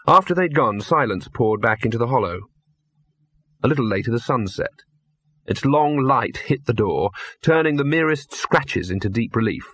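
A man narrating a comic fantasy audiobook in a measured, dry storytelling manner. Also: mid-range voice, expressive, bright, forceful tone, slightly rough, no room sound.

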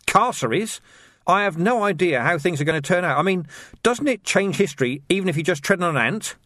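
A man voicing a gruff, weary male watch commander who speaks in irritable, forceful outbursts. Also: fairly high pitch, big pitch swings, brisk, no echo, studio quality, pitched above the performer's own voice.

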